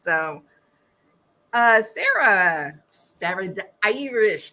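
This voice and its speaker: Casting: middle-aged woman, bright voice, wry and chatty live-stream host. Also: mid-range voice, big pitch swings, a little slow. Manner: wry, chatty, laughs at her own jokes. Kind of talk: casual live-stream chat reading comments.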